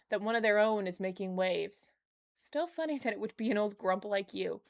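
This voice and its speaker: A woman's voice: medium pitch, dry recording, studio quality, lightly acted. A woman reading out a friendly letter from a male warehouse worker, in nearly her own voice.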